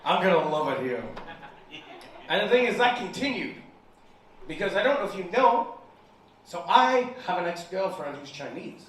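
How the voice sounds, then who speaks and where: A young man from the United Kingdom performs a crude, self-mocking stand-up set, laughing through his punchlines. His voice sits fairly high for a man. He sounds as if he is heard from across an echoey bar room, with clear audience noise around him. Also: sing-song, moderate pace, long pauses, a bit bright, recorded from a distance. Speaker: stand-up comedian. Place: comedy bar with a live audience. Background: room ambience and audience noise.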